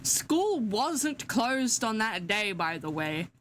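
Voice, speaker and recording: A woman's voice: medium pitch, sing-song, slow, a bit bright, slight background noise. A young woman chatting casually to her live-stream chat, sleepy, giggly and yawning. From Australia.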